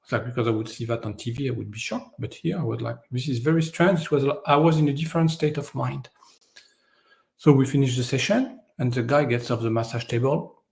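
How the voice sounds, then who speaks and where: A man whose first language is French, a guest in an interview, telling stories in a lively way and acting out the voices of people in them. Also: medium pitch, a little fast, creaky. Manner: animated storyteller, acts out voices in his stories. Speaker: guest, energy healer. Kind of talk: storytelling in an interview.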